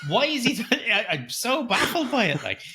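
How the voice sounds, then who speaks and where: Bright-voiced man reviewing a film. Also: moderate pace. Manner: animated, voice jumps high when baffled. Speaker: podcast co-host. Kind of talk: casual film review chat.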